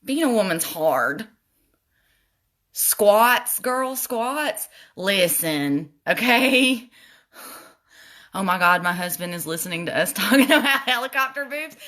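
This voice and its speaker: Bright, chatty woman doing a makeup livestream. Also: medium pitch, animated, takes it slowly. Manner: chatty, goes off on laughing tangents; talks straight to viewers, addressing them as y'all. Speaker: makeup vlogger. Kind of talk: casual makeup tutorial livestream chat.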